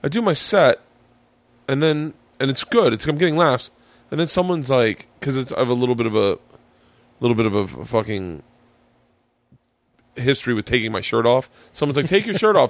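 A male comedian hosts a podcast, swapping stage stories in casual chat while swearing freely and acting out other people's voices. He's animated and profane, with a brisk, mid-range voice on a dry recording.

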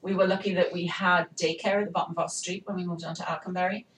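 English woman on a podcast, calm and reflective, roomy sound with faint hum behind. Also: fairly low pitch, fast. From England. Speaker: military spouse. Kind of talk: casual podcast conversation. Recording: roomy, distant mic, faint ambience.

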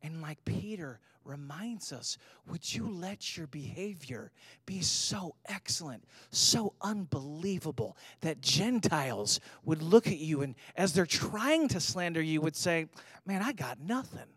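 A man's voice: fairly high pitch, animated, measured pace, a bit bright, breathy edge, dry recording. A man in his thirties, a pastor giving a sermon, telling a personal story with humor and rising to emphatic points.

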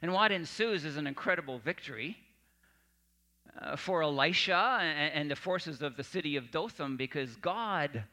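A man preaching a sermon in an earnest way, often dropping his voice soft for emphasis. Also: on the high side, expressive, moderate pace. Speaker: pastor.

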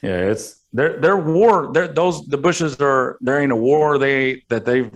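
A man's voice: medium pitch, animated. Joking podcast co-host guy. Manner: joking, halting restarts, laughs along. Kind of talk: casual profane chat.

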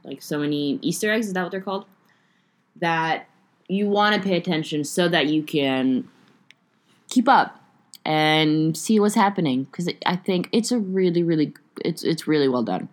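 A woman's voice: low-pitched, normal speed. A young woman hosting a casual solo podcast, rambling and chatty with lots of fillers and some swearing. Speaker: podcast host.

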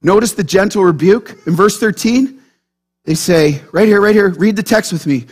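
A man preaching a sermon as pastor, animated and quizzing his congregation with frequent questions. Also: high-pitched, normal speed, slightly rough. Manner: animated, keeps checking in with the congregation through questions.

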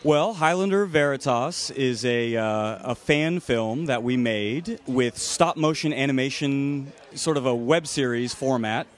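A man's voice: medium pitch, unhurried, few pauses. A man guesting on an interview at a convention, talking eagerly and rambling about his fan film. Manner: eager, rambling, many fillers. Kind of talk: casual interview.

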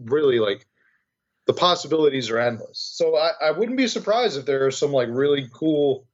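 A man's voice: fairly high pitch, animated, normal speed, highs cut off. A man co-hosting a podcast in casual chat, talking in a rambling, wry way with lots of fillers. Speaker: podcast co-host.

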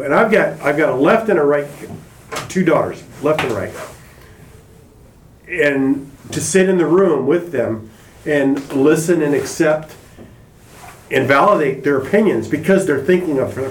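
A man's voice: on the high side, lively intonation, unhurried, a little hiss or hum. A man in his fifties, a podcast co-host, talking reflectively in a casual group conversation. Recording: echoey room, away from the mic.

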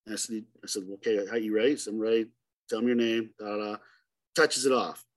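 A middle-aged man, a hunting guide, telling a story in a casual interview and acting out the dialogue with lively turns of voice. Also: fairly low pitch, a little fast. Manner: animated, acts out dialogue in the story.

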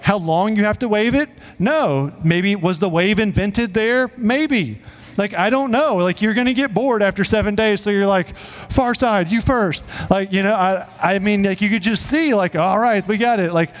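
A man preaching a sermon as pastor, in a casual, joking way with quick asides to the congregation. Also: sits high. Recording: long reverb of a hall.

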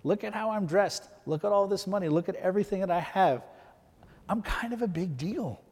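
A man's voice: on the high side, quick pace, darkish tone, long reverb tail, lightly acted. A man voicing a proud, self-important army general who is indignant at being slighted.

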